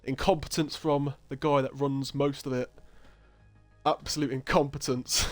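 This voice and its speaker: A man's voice: mid-range voice, level tone, unhurried. A laid-back man commentating a live stream of a racing game, rambling, cursing freely and breaking into laughter between remarks. Faint music plays underneath his voice. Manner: chatty, laughs often, swears, reads chat aloud. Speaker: league stream host and commentator.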